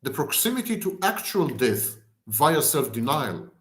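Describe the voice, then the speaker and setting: A man's voice: a little high, sing-song, a little slow, faint music behind. A man giving an explanatory lecture, piling words into long rhythmic lists. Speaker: lecturer on narcissism.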